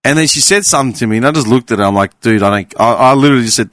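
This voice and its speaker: A man's voice: medium pitch, rapid-fire, dry recording. A man telling a sweary story on a casual podcast. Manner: swearing, animated anecdote-telling. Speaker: podcast panelist.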